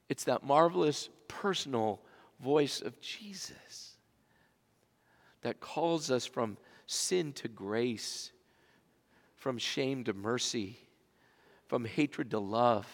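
A man preaching a sermon as pastor in a church sanctuary, swinging between loud emphatic passages and hushed near-whispers. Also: mid-range voice, lively intonation, takes it slowly, long pauses. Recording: long reverb of a large church.

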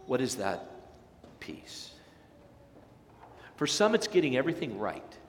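A man's voice: medium pitch, unhurried, a little hiss or hum. A male pastor preaching a sermon with energy, acting out the voices of people in his congregation. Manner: animated, acts out voices of listeners; energetic, fired up. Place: large church sanctuary. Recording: echoey sanctuary with long reverb.

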